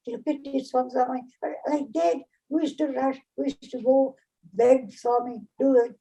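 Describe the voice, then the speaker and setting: A woman's voice: mid-range voice, dark tone, breathy edge, low-quality recording. An older woman telling a personal memory earnestly, acting out what people said. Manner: earnest, repeats phrases, acts out quoted speech. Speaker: devotee sharing a memory. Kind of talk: personal storytelling.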